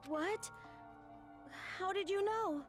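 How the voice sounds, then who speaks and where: A woman's voice: very high-pitched, slow, soft background music. A timid, flustered young girl. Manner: hesitant and flustered. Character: timid, soft-spoken young girl student.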